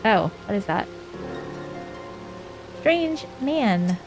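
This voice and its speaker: Young woman game streamer, casual chatter, sarcastic, middle pitch. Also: big pitch swings, drawn-out words, over music. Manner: chatty, sarcastic, swears a lot.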